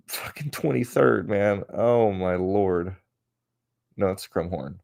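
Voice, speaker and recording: A man with a lowish voice hosts a casual livestream. He rambles, restarts his sentences and swears freely while he vents. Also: slow pace, vocal fry, a little mellow. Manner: rambling and profane, with many restarts; frustrated and venting. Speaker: host.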